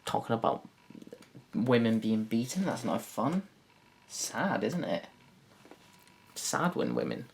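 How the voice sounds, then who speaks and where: A male comic with a Yorkshire accent works through a stand-up set in a mid-pitched voice. He rambles, trips over and corrects his own words, and swears freely. His delivery is sardonic. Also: creaky. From Yorkshire, England. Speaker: stand-up comedian. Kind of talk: stand-up comedy routine.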